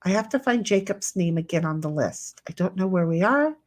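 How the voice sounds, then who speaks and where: A woman's voice: lowish voice, expressive, brisk, darkish tone. A woman hosting a casual livestream, reading chat messages aloud in playful voices and rambling with many restarts while she paints.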